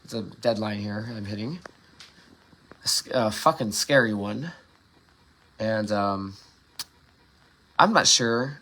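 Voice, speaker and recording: A man's voice: lowish voice, lively intonation, a little slow, pauses often, pushed and bright. A man hosting a late-night solo livestream, rambling with frequent restarts, swearing and laughing at himself. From Ohio. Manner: rambling, self-interrupting, profane and laughing. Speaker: livestream host.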